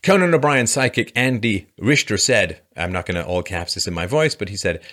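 A man's voice: lowish voice, animated, brisk, fairly bright tone. A man giving sarcastic political commentary in a mocking, dry way, often sighing and scoffing.

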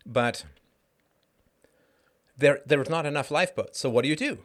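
A man's voice: fairly high pitch, moderate pace. A man hosting a livestream, talking casually and acting out the people in his stories. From Canada. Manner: animated storytelling, acts out quoted people. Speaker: livestream host. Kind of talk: casual monologue.

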